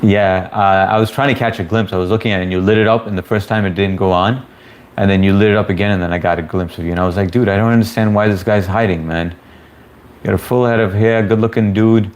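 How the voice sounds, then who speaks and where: A man's voice: lowish voice, steady tone, fast talker. A man hosting a casual livestream, reading viewer comments aloud and greeting people by name in a laid-back, chummy way. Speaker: livestream host.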